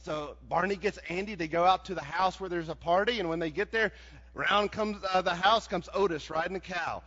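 A man preaching a sermon in a folksy, animated way, building to shouts. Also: high voice, fairly quick. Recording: dull sound with long hall reverb.

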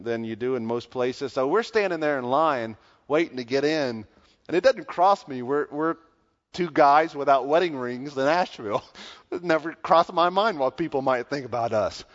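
A pastor preaching a sermon, telling a story in a conversational way that grows loud when excited. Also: male voice, medium pitch. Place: church sanctuary. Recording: dull sound with long church reverb.

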